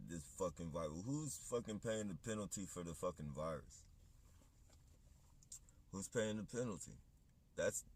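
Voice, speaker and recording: A man's voice: sits low, darkish tone, husky. A man on a livestream, ranting in a heated, profane, rambling monologue. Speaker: livestream host.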